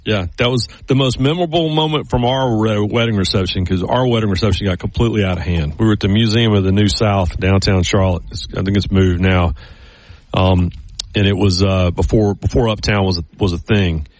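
A man's voice: fairly low pitch, steady tone, brisk, darkish tone, no echo. A man co-hosting a casual chat, telling stories in a rambling way with many restarts.

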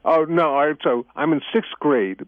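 A man's voice: fairly high pitch, normal speed, no room sound. A man who is the guest on a radio talk show, telling stories in a chatty way and laughing easily. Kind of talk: casual radio interview. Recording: tinny phone line, dry.

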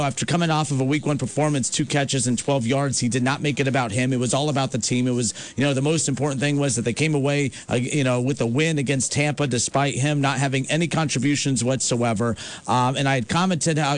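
Sports radio host, male, mid-pitched, animated ranter with exasperated asides. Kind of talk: opinionated sports talk radio.

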